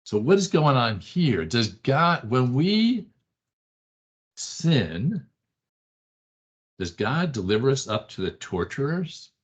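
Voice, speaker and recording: With big swings in pitch around a medium register and a breathy edge, a man teaches a Bible study class at a slow pace. He's conversational and emphatic, repeats short phrases, and keeps asking "right?" The classroom recording sounds dull and lo-fi.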